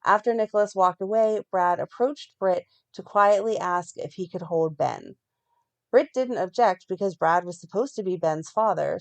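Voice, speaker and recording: A woman co-hosting a fan podcast, reading a plot recap in a steady run and breaking off now and then to comment. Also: lowish voice. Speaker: podcast co-host recapping a soap.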